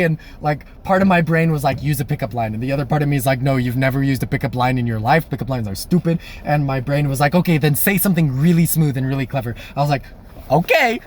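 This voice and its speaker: Animated young man telling a story. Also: fairly high pitch. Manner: animated, laughing, acts out quoted voices. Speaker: storyteller vlogger. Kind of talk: casual personal storytelling.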